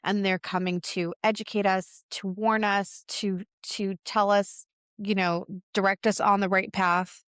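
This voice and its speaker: An animated woman co-host of a spiritual podcast who acts out what people said as she tells a story, at a middling pitch. Her voice is recorded close and dry, with no room sound. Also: unhurried, clean tone, no room sound. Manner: animated storyteller, acts out quotes, laughs often. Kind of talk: casual spiritual podcast chat.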